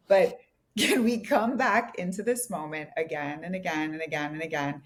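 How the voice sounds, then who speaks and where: A woman's voice: deep voice, normal speed. A woman co-hosting a podcast as a relationship coach, reflective and given to laughing and saying "like". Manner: reflective, laughs often, many fillers like "like". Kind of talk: casual podcast conversation.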